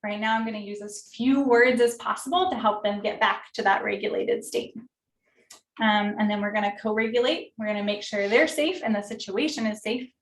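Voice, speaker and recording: A woman's voice: medium pitch, brisk. Chatty woman therapist in an echoey room. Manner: friendly, conversational, many fillers. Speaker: occupational therapist leading a parent workshop. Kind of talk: informal teaching talk. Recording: roomy echo, distant mic.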